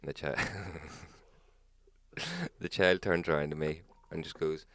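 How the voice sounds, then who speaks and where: A man's voice: very deep voice, steady tone, slow, a bit bright, no echo. A man, co-hosting a casual podcast with wry, laid-back stories about home life. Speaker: podcast co-host. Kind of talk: casual banter.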